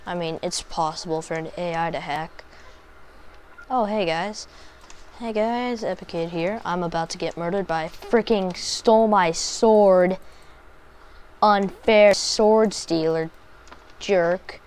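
A young woman commenting on her own gameplay as a channel host, frustrated and muttering, breaking into loud outbursts. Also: lowish voice, slow pace, a little hiss or hum.

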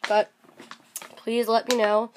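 A woman with a sore, hoarse throat talking casually to camera from her bed, quick and apologetic. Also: on the high side, flat delivery, a little hiss or hum. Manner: quick, apologetic, self-deprecating. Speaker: vlogger. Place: sitting on her bed at home.

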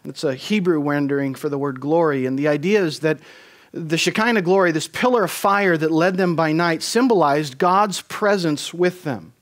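A man preaching a Christmas Eve sermon in a church, measured and deliberate, slowing down to stress key phrases. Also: a little high. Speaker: pastor. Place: church sanctuary.

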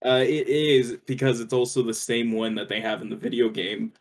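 A man's voice: medium pitch, fairly even intonation, moderate pace. A young man co-hosting a podcast, talking about a fan game in a rambling, casual way, swearing freely and laughing often. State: hiccuping. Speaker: podcast co-host. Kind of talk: casual gaming chat.

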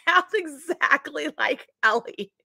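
A woman's voice: high voice, expressive, slow, vocal fry, bright, forceful tone, a little hiss or hum. A woman co-hosting a casual book club chat, an eager and supportive listener who laughs easily.

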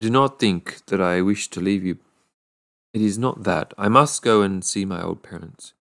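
A man's voice: low-pitched, moderate pace, vocal fry, a bit bright. A man voicing a dutiful, homesick young fisherman in a storybook reading, speaking earnestly and politely.

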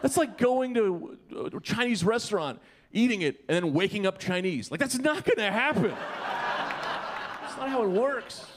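A man in his thirties doing a stand-up comedy set, animated and shouting his punchlines. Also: high-pitched, unhurried, a little hiss or hum. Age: 30s. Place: comedy club. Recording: live club with crowd laughter. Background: audience laughter.

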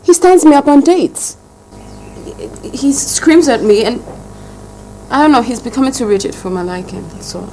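A woman's voice: on the high side, animated, moderate pace, darkish tone, a little hiss or hum, rough recording. An actress playing a young rich woman, indignantly complaining about her neglectful fiancé. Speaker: daughter, fiancée. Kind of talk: film drama dialogue.

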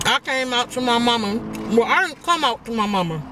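A woman's voice: on the high side, animated, brisk, noisy background. A young woman vlogger chatting casually and laughing as she tells a personal story to her viewers while eating. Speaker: vlogger host.

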